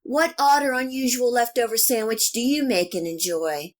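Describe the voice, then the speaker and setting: A woman hosting a cooking channel, giving calm, even, step-by-step recipe instructions in a scripted voice-over. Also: a little high, moderate pace.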